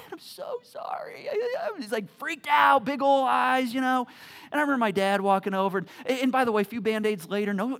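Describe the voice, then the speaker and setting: A male pastor tells a personal story during a sermon, stumbling and restarting often, and dropping to a low, soft voice for serious points.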